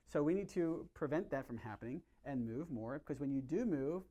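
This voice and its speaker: A middle-aged man, a chiropractor, giving an energetic, conversational health talk to his patients and often asking them questions. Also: a little high, fairly quick, slight background noise. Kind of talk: live workshop talk to patients.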